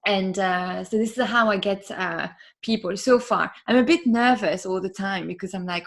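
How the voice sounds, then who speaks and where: Woman, mid pitch, casual interview talk, gravelly, chatty with fillers. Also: expressive, normal speed. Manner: chatty, many fillers, soft laughs. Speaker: podcast host, interview guest.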